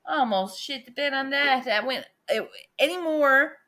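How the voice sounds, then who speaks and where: A woman hosting a casual livestream, excitable and chatty, jumping from loud exclamations to quiet muttering. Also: sits high, measured pace. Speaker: livestream host.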